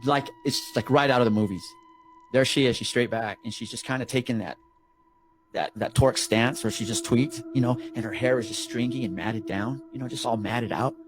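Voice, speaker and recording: Brief: man, mid pitch, rapid-fire rambling yarn, swears freely. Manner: rambling, profane, animated storyteller. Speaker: storyteller recounting a work call. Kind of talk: casual podcast storytelling.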